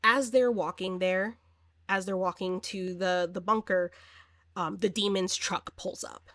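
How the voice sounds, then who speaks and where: Woman casually retelling a horror flick plot, lots of "like" and "you know", dry close sound, mid pitch. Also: measured pace, no room sound. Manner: chatty and animated, acts out quoted lines, many fillers. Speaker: horror movie reviewer. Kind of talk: casual spoken movie recap.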